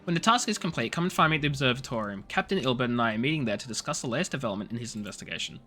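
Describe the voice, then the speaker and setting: A man's voice: mid-range voice, lively intonation, bright, forceful tone, faint music behind. Man reading as a stern female commander. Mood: formal. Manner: formal, measured reading.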